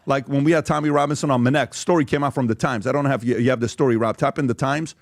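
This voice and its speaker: Gravelly and very fast, this podcast host's medium-pitched voice stays fairly even in intonation as he emphatically talks through social media posts and questions, often saying "okay?" The studio-quality audio has no echo.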